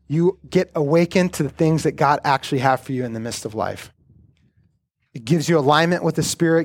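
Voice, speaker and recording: A male pastor with a noticeably high voice gives a sermon that shifts between prayer and storytelling. Earnest and conversational, he speaks as if talking with his congregation, and the recording is close and dry.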